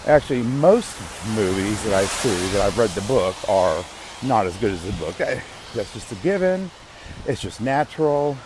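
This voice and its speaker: A man's voice: on the low side, big pitch swings, moderate pace, background noise. A man hosting a podcast, rambling casually to himself with restarts and the odd curse. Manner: rambling, self-interrupting, occasional swearing. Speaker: podcast host.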